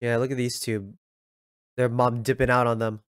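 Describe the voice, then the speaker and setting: A young man giving casual, excitable reaction commentary, laughing often and reading lines aloud in a slangy way. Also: mid-range voice, moderate pace, smooth, no room sound, clean studio sound. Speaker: anime reaction youtuber.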